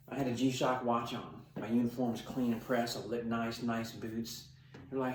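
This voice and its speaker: A middle-aged corrections sergeant speaks to camera in a mid-range voice with little pitch movement and a normal pace, giving blunt, emphatic, tough-talking training advice. The mic sits at a distance in a roomy space, with slight background noise.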